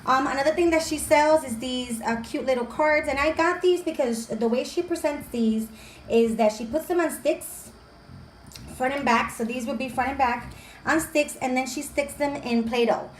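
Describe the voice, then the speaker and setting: A woman's voice: sits high, moderate pace, slight background noise. A woman, a homeschooling mom and channel host, chatting enthusiastically through a show-and-tell vlog at home. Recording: echoey room with faint ambience.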